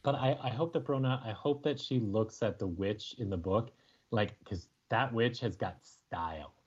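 A man from North America, chatting as the guest in an interview, telling animated stories full of fillers. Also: on the low side, moderate pace, dull audio, slight background noise. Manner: animated storyteller, many fillers. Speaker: author guest. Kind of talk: casual interview chat.

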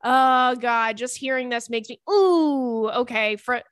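A young woman hosting a casual advice podcast, chatty and animated, often laughing while she reads listener emails aloud. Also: fairly high pitch, slow pace, no echo, clean studio sound. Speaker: podcast host giving advice.

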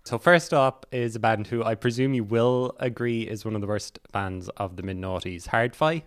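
A man's voice: fairly low pitch, fairly even intonation, normal speed, no echo, clean studio sound. A man hosting a podcast, chatting casually and teasing his guest, laughing often. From Ireland. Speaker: podcast host. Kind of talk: casual chat.

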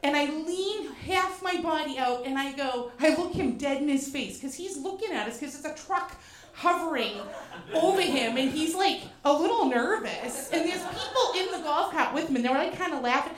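A woman from Boston telling a comic personal story, animated and profane with self-mocking asides, in a live show venue. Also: high voice, normal speed. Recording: roomy echo.

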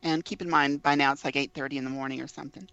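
Gravelly-voiced woman telling a story. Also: low voice, fairly even intonation, racing, fairly bright tone, no room sound. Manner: anecdotal, acts out quoted dialogue. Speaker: interview guest, author. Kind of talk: casual storytelling interview. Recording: dull lo-fi, dry sound.

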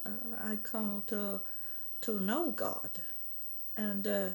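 A woman from Sweden, giving a halting personal testimony in English and often repeating words. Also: mid-range voice, flat delivery, darkish tone. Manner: halting, repeats words, non-native grammar.

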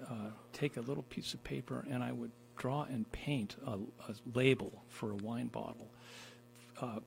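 A man hosting a casual conversation, playful and laughing a lot, talking in halting phrases. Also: medium pitch, gravelly, slight background noise. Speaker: host.

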